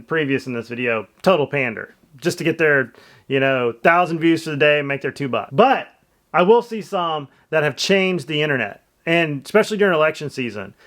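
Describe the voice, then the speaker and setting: A man's voice: fairly high pitch, fairly bright tone. A middle-aged man giving casual commentary on his channel, opinionated and often asking his viewers what they think. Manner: chatty, opinionated, asks viewers questions. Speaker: vlogger and real estate agent.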